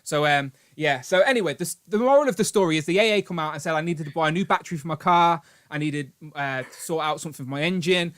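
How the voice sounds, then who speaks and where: A British man hosting a live stream, telling a long story in an animated, rambling way with grumbling asides. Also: a little high, quick pace, hardly any pauses. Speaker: host. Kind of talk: casual live-stream chat.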